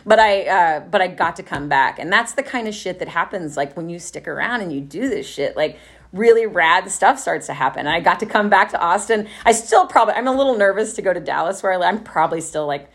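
Brief: middle-aged woman, quick and profane, an animated recovery testimony with laughs. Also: on the low side. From Texas. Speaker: speaker at a recovery meeting. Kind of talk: candid personal testimony.

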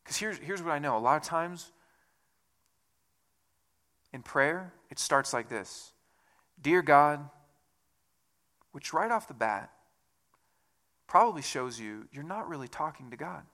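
A man's voice: a little high, animated, measured pace, long pauses, bright, forceful tone. A male pastor preaching a sermon in a conversational way, often repeating words and rising into emphatic bursts.

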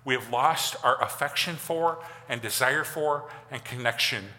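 A pastor giving a conversational, animated sermon, acting out quotes as he goes. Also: mid-range voice, a little slow. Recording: long hall reverb.

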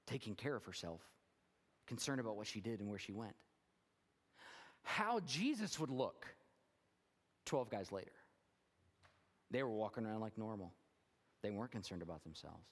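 A man's voice: mid-range voice, big-room sound. A man preaching a sermon as pastor, talking earnestly and rising to fervent emphasis.

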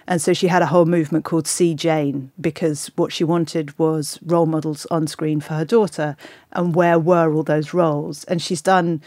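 A woman's voice: deep voice, little pitch movement, dark tone, no room sound, clean studio sound. Enthusiastic, opinionated woman talking films. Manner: enthusiastic, opinionated, quick to act out quotes. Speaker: podcast host discussing films. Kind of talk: casual chat.

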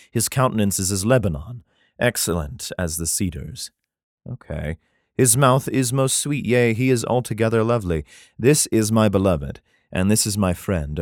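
Low-voiced man reading and mocking crudely. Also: dry recording, studio quality. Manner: profane, mocking, laughs at the text. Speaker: reader giving comic commentary. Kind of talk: crude comedic reading with asides.

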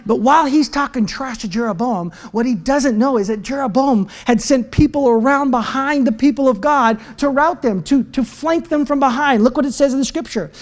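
A man preaching a sermon as pastor, swinging from loud shouts to quiet asides and dropping into slang. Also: extremely high pitch, moderate pace, few pauses. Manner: talks in slang.

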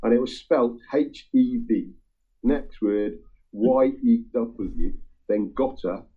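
A man chatting casually with friends about a song, talking in a halting way with lots of ums and restarts. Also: mid-range voice, breathy edge. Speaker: music-sharing group member. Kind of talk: casual chat. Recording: tinny phone-like line.

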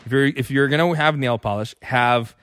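A man's voice: medium pitch, moderate pace, a bit bright, smooth, no echo, clean studio sound. A young man co-hosting a podcast, joking in an emphatic, fussy way. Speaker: podcast co-host. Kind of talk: casual chat.

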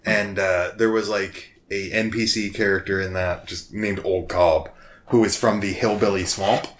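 A man with a fairly low voice talks in a relaxed, rambling way. He chats casually about tabletop characters and laughs easily. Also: unhurried, slight background noise. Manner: laid-back, laughing, slips into silly character voices. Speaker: tabletop gamer. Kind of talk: casual chat.

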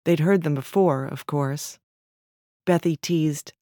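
A woman narrating literary fiction in a measured, even storytelling manner. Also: low-pitched, no echo, studio quality.

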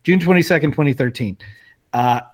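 A man's voice: medium pitch, fairly quick. A man casually telling a crude, profane story, laid-back and often laughing. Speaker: podcast co-host telling a story. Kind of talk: casual chat.

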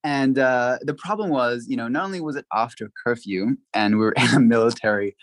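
A man guesting on a podcast, telling a story in a lively, casual way, full of "like" and acted-out quotes. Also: medium pitch, fairly quick, no echo, poor audio. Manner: animated, acts out quotes, frequent "like" fillers.

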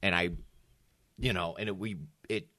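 Deep-voiced rambling podcast co-host man. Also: steady tone, moderate pace, pushed and bright, no echo. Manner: rambling, profane, self-mocking. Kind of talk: casual storytelling banter.

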